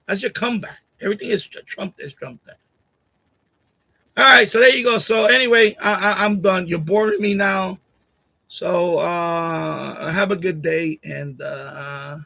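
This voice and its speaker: A gravelly yet high voice, pushed and bright, belongs to a man hosting a live stream from home. He rants at a viewer combatively and repetitively through a USB condenser mic on a boom arm, in low-quality audio.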